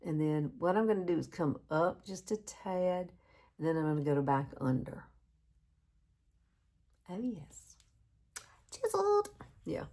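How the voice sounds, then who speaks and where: A woman's voice: low voice, moderate pace, mellow. A Southern woman from Alabama in her fifties, chatting casually through a makeup tutorial and laughing at herself often. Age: 50s. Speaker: beauty vlogger.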